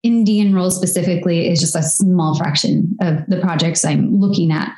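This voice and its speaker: A woman's voice: fairly low pitch, moderate pace, a little mellow. A woman in her thirties, an actress guest in a casual interview, talking in a reflective, chatty way with many fillers. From United States. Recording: echoey room.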